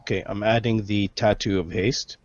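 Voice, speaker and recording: A man's voice: lowish voice, steady tone, moderate pace, no echo. A man talking casually as a player in a tabletop game, joking and swearing as he sorts out gear. His voice sits mid-range and sounds close and dry, through a somewhat dull recording. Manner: loose, joking, swears freely.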